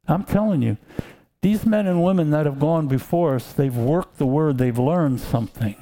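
A man's voice: on the high side, dark tone. A man preaching a sermon, telling stories and asking the congregation to answer back. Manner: slow, emphatic, calls out to congregation.

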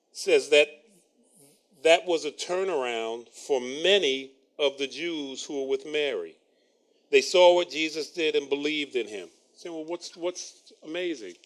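A man preaching a sermon, reading scripture and breaking in with wry asides and chuckles. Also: fairly high pitch.

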